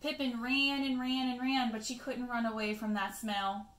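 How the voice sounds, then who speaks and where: A woman teacher reading a picture book aloud to children, expressive, with chatty asides to her pupils. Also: on the high side, moderate pace, echoey room.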